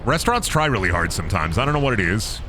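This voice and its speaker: A man's voice: on the low side, very animated, fast talker, noisy background. A man giving casual, joking, profane commentary to himself while streaming a game.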